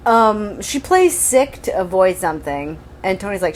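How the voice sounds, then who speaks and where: Woman, podcast co-host, wry, giggly, lively pitch, faint background hiss. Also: normal speed. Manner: wry, giggly, recaps from notes. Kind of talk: casual book-recap chat.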